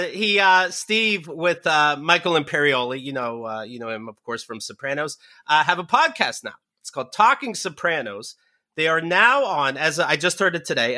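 A man's voice: on the high side, bright, forceful tone. A man hosting a podcast in casual chat, joking and teasing his guest. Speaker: podcast host.

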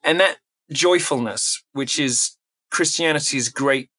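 A man talking as a guest on a podcast, lively and emphatic, stumbling over his own restarts as he pushes his points. His voice sits at a middling pitch. The sound is dry and close, with no room echo. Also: slow. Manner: animated, emphatic, frequent restarts. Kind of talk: podcast interview talk.

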